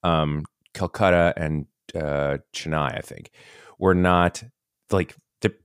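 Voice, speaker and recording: Podcast co-host, male, very low voice, dry close mic, rambling chatty storyteller. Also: slow pace, smooth, dry recording. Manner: rambling, animated storytelling with frequent restarts. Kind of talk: casual chat.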